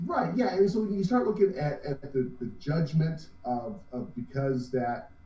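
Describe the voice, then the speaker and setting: A man's voice: fairly high pitch, lively intonation, moderate pace, warm tone. A man, co-owner of a cosplay group, talking earnestly in a casual interview with many restarts. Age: 50s. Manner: rambling, earnest, restarts often. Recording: roomy, distant, dull lo-fi sound.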